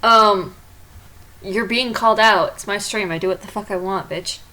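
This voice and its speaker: A woman hosting her own drawing stream, chatting casually with a friend, blunt and quick to swear and laugh. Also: mid-range voice, sharp tone, poor audio.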